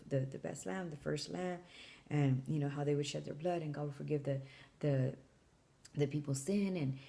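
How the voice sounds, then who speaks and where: Chatty woman with a mellow voice. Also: deep voice. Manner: chatty, animated, lots of fillers, acts out both sides of calls. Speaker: storyteller. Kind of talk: casual personal storytelling.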